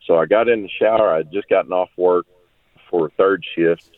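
Caller, a man with a deep voice, heartfelt and rambling, heard over a tinny, dry phone line. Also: moderate pace, no echo. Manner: rambling, heartfelt, with many restarts. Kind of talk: call-in testimony. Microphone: telephone.

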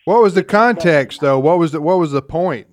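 A man's voice: a little high, lively intonation, moderate pace, no echo, studio quality. A man hosting a call-in trivia radio show in a folksy manner, taking callers and reading out phone numbers. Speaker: radio host. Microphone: studio mic.

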